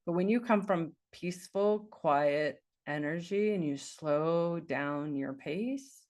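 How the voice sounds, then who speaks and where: A woman's voice: lowish voice, slow, a little mellow. A woman life coach giving an earnest, encouraging talk, repeating phrases for emphasis.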